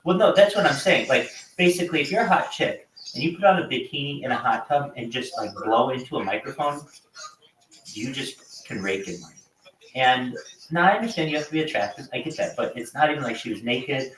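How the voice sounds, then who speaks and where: A man's voice: medium pitch, expressive, brisk, a bit bright, recorded from a distance. A man hosting a livestream, talking in a loose, profane, rambling way with lots of fillers. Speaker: livestream host. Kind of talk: casual rambling chat. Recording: echoey room, from off-mic, faint background noise.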